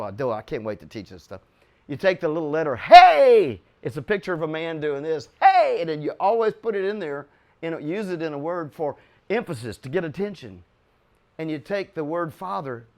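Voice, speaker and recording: Older man, Bible teacher, fairly high voice, excitable, chuckling, loud bursts for emphasis.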